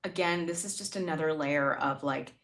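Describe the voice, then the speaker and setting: With a low-sitting voice and a moderate pace, this middle-aged woman co-hosts a political talk show, against a noisy background. Indignant and fired up, she stammers and restarts as she makes her points and throws in sarcastic quotes.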